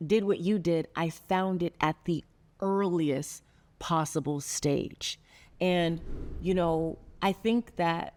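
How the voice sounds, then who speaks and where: Earnest storytelling woman host, lowish voice. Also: darkish tone. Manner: earnest, storytelling, laughs often. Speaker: podcast host. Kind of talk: heartfelt sit-down conversation.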